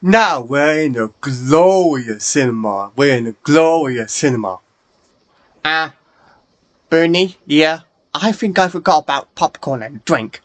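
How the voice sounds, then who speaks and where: A man's voice: fairly high pitch, lively intonation, unhurried. A man improvising a homemade skit, rambling and hesitant with many fillers, close to the mic. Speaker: presenter voicing toy characters.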